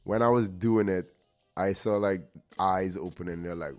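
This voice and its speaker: Soft music underlies this low-pitched, fairly even male voice moving at a normal speed. The speaker, a Trinidad and Tobago-born actor hosting his show in the LA area, offers earnest encouragement through personal anecdotes, sometimes repeating a word for emphasis.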